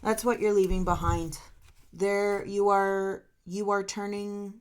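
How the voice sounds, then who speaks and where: A woman's voice: medium pitch, level tone, takes it slowly, smooth. A woman doing a solo tarot reading, talking straight to her viewers in an emotional, encouraging way. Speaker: tarot reader.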